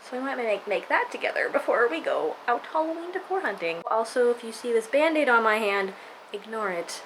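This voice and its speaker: A woman's voice: on the high side, lively intonation, fairly quick, fairly bright tone, slight background noise, rough recording. A tired woman chatting casually to her viewers at home, rambling and playful as she goes. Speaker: vlogger. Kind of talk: casual vlog chat.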